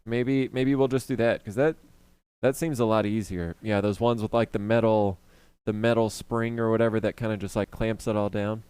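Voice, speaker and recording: A man's voice: fairly low pitch, steady tone, normal speed, darkish tone, clear, resonant tone, no room sound. A young man chatting casually on a live stream, greeting viewers by name and rambling with fillers and restarts.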